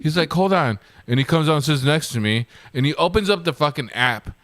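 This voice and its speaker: Profane, animated middle-aged man. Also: on the high side, fast, no room sound. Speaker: fantasy football podcast host. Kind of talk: casual chat.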